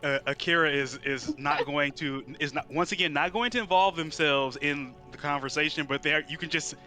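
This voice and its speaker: A man player describes what his character does, his voice bright and a little high. Faint music sits under him. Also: a little fast.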